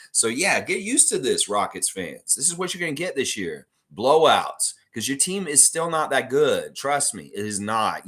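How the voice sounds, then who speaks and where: Animated man hosting a fan livestream. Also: medium pitch. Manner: animated, excitable, chatty, reads out viewer comments. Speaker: sports fan livestream host. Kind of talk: casual solo livestream commentary.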